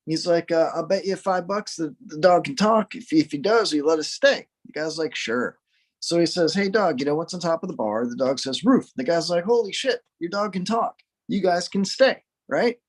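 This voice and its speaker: A man's voice: a little high, normal speed. A man casually telling long bar jokes on a podcast, rambling and laughing at his own punchlines.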